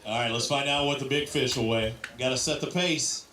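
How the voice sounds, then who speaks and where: A man's voice: medium pitch, fairly quick, bright, forceful tone, slight background noise. Chatty male emcee, roomy and distant. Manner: chatty, upbeat interviewer. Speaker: weigh-in emcee. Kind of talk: live weigh-in announcing. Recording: roomy sound picked up from a distance.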